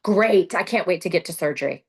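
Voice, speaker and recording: A middle-aged woman presents her sales story in a casual motivational talk on a video call, speaking fairly quickly in a medium-pitched voice. Full of lively energy, she acts out her own lines and keeps saying "like" and "right?".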